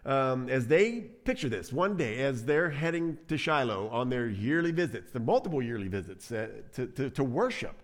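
A man preaching a sermon in an animated, conversational way. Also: medium pitch, normal speed, few pauses. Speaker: pastor.

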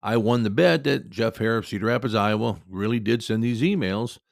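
A man voicing a polite, amused female secretary in his own gravelly voice while telling a story. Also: lowish voice, fairly quick, no echo, studio quality, pitched below the performer's own voice.

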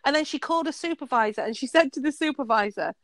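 Animated woman telling stories. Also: high voice, fast, dry recording. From Britain. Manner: animated storyteller, acts out quoted voices, laughs often. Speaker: podcast co-host. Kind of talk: casual chat.

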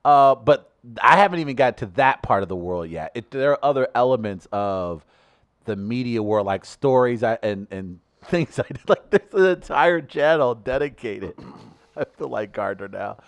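A man's voice: medium pitch, normal speed, no room sound. A man co-hosting a casual studio talk show, rambling with lots of laughs and restarts. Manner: rambling, animated, laughs often. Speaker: podcast co-host. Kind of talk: casual chat.

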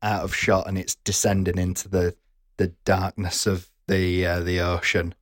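A man's voice: low-pitched, completely flat delivery, moderate pace, no room sound, clean studio sound. A man co-hosting a podcast, teasing his co-host and joking while recapping a film. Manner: teasing, laughs a lot, does silly voices for characters. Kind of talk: casual film recap chat.

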